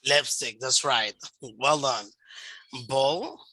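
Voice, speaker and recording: Male teacher, slow careful delivery, bright tense tone, dry close sound. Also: medium pitch, dry recording, rough recording. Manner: slow, patient, explains step by step. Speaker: English teacher. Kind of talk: online one-to-one lesson.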